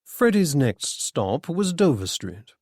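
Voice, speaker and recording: A man reading a mystery story aloud as narrator, in a measured, even manner. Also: on the high side, dry recording, clean studio sound. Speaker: audiobook narrator.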